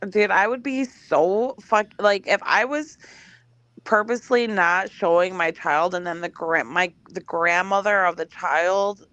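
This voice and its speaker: A woman's voice: mid-range voice, measured pace, fairly bright tone, no echo, lo-fi sound. A woman in a casual live gossip chat, blunt, profane and indignant.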